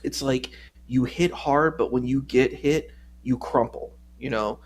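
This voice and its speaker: Man, stream guest, casual discussion, critical, rambling, gravelly. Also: medium pitch, fairly even intonation, unhurried.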